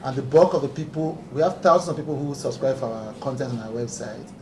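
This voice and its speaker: Here a male talk show host with a mid-range voice talks quickly, earnest and emphatic at a press conference, often laughing. It's recorded in an echoey room on a distant mic, with noise in the background.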